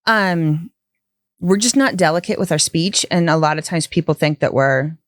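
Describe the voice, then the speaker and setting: A woman, a guest on a studio podcast, talking bluntly with quick asides and laughs. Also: low voice, no echo. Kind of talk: casual studio conversation.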